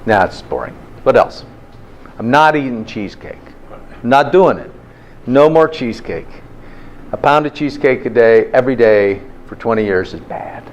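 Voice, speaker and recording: A man's voice: medium pitch, lively intonation, moderate pace, long pauses, a little hiss or hum. Chatty male health lecturer. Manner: keeps checking in with "okay?", chatty and informal. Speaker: health instructor. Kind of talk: interactive classroom lecture.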